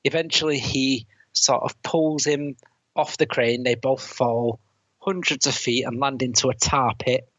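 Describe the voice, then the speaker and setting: A man co-hosts a casual film review podcast, walking through the plot and throwing in quick quoted lines. His voice is a little husky and sits at an ordinary pitch. The recording is dry and somewhat dull, like a basic home podcast mic. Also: steady tone, fairly bright tone, no echo. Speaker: podcast co-host.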